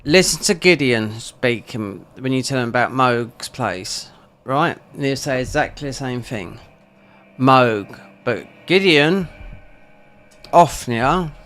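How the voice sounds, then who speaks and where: A man's voice: medium pitch, expressive, slow pace, fairly bright tone. A man with a South London accent rambling chattily through casual gameplay commentary as a gaming channel host. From England.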